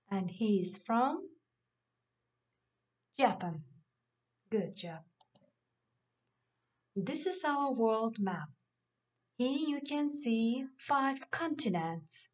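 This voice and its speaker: A woman teacher reads out country and nationality words one by one, very slowly and deliberately. Her voice sits a little high and swings up and down in a lively way. The recording sounds dull and lo-fi. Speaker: English teacher. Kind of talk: slow classroom vocabulary lesson.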